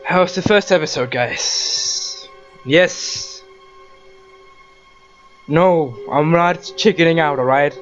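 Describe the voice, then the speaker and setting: A man's voice: on the high side, slow, long pauses, lo-fi sound, soft background music. A man hosting a horror let's-play, jumpy and swearing as he talks to the game character. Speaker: gaming channel host.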